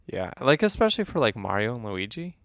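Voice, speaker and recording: A man co-hosting a movie review podcast, talking casually and teasing his co-host, with a gravelly voice. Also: mid-range voice, very animated, brisk, dry recording, studio quality. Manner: playful, teasing, lots of fillers.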